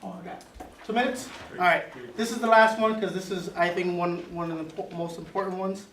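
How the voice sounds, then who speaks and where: High-voiced man teaching a Bible class. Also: steady tone, fairly quick, fairly bright tone, reverberant, distant mic, slight background noise, low-quality recording. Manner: emphatic, repeats key words.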